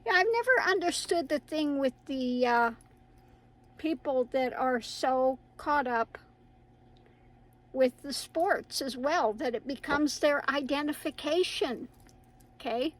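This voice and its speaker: Heard through a low-quality recording, this tarot reader speaks in a high voice and takes her time. She's a middle-aged channel host who rambles casually to her viewers and laughs a lot.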